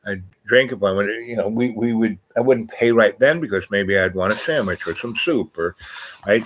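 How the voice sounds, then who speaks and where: A man's voice: lowish voice, fairly bright tone, rough recording. An older man talking in a meandering, casual monologue, correcting himself often and reading aloud from a screen. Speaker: channel host.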